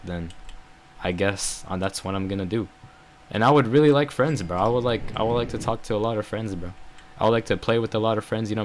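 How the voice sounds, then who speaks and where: A man's voice: mid-range voice, slight background noise. Rambling young man venting to camera. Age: young adult. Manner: rambling, filler-heavy, frequent "bro" and "like"; frustrated and venting. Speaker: vlogger. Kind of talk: casual storytelling vlog.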